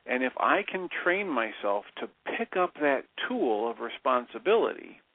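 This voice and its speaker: Male radio guest, sincere and halting, on a dry, tinny phone line. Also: mid-range voice, very animated, creaky, dry recording. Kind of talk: radio talk show.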